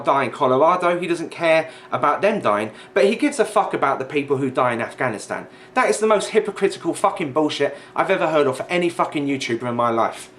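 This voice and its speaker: A man's voice: fairly high pitch, fairly bright tone, a little hiss or hum. A man commenting indignantly on a video, swearing and repeating himself as he argues. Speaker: reaction vlogger. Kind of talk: reaction commentary.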